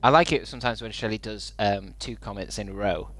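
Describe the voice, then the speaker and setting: A man's voice: on the low side, brisk, a bit bright. A young man chatting casually on a gaming livestream, sweary and incredulous. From Britain. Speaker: streamer.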